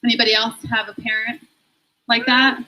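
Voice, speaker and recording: A woman's voice: on the high side, little pitch movement, moderate pace, sharp tone, poor audio. A woman performing a stand-up comedy set, self-deprecating and laughing through her own jokes.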